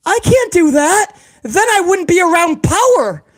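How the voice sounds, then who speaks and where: A man's voice: very high-pitched, sing-song, measured pace, voice pushed up, full character voice. A man doing a whiny, self-pitying male executive. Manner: whining, pleading, playing the victim. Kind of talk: comedic impression.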